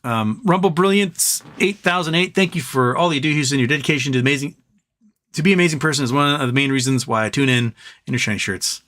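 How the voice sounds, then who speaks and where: Bright-voiced man hosting a charity livestream. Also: medium pitch, fast talker. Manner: emotional, tearful while thanking viewers; talks fondly to his pet between comments. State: teary. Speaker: livestream host. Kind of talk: casual livestream chat reading donor comments.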